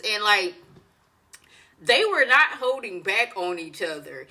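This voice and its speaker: A woman YouTuber giving a casual, animated recap of a reality show, talking with dramatic exclamations. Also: fairly low pitch, a little slow.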